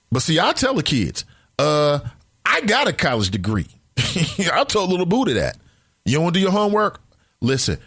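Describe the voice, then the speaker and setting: A male talk show host with a mid-pitched voice that swings widely up and down as he makes his points. He talks in a casual, emphatic way. The sound is dry and close, with no room echo. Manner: animated, conversational, emphatic. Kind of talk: casual talk radio commentary.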